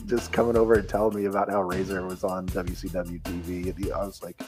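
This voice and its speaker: Deep-voiced easygoing male co-host. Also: little pitch movement, fast, hardly any pauses, over music. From Memphis, Tennessee. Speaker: podcast co-host. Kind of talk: casual chat.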